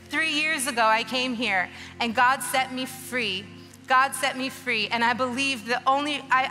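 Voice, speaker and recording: A woman in her thirties delivers an earnest, emotional testimony sermon, her voice bright and a little high. She speaks into a stage mic in a large church auditorium, with long reverb trailing her words and faint music playing beneath. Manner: emotional, earnest, preaching with rising urgency. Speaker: guest speaker. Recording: long hall reverb with soft music behind.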